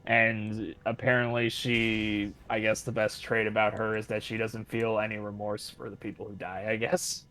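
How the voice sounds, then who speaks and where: A man's voice: on the low side, level tone, moderate pace, few pauses, pushed and bright. A man talking casually with a friend over a voice call, rambling and repeating himself with frequent laughs.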